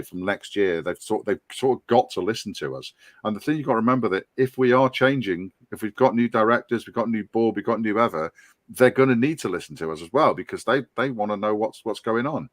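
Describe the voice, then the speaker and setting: A fifty-ish Scouse man from Liverpool and North Wales appears as a podcast guest applying for a fan board. His lowish voice moves at a quick pace on a dry recording. The chat is casual, and he's earnest and rambling, stumbling through restarts and ums.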